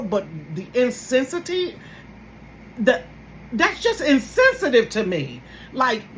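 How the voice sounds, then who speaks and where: A woman's voice: on the high side, slight background noise, poor audio. A woman, hosting a casual gossip commentary and talking straight to her viewers with sudden exclaimed bursts. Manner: animated, addresses viewers directly. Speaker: host.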